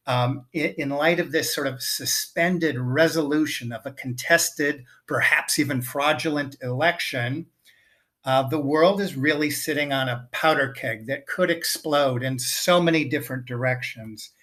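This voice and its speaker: A man hosting a solo commentary video, speaking with slow, drawn-out phrasing and dramatic pauses. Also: mid-range voice, a bit bright. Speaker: host.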